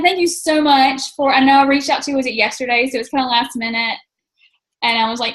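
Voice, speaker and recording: A woman with a high voice hosts a casual team video call. She is chatty and upbeat, with plenty of fillers. The sound is roomy and echoey. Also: fairly even intonation, fairly quick. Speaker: team coach leading a call.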